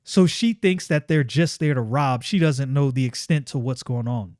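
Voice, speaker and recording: A man's voice: medium pitch, moderate pace, hardly any pauses, a little mellow, no room sound, clean studio sound. A man reviewing a comic book in casual, enthusiastic commentary, often repeating phrases for emphasis.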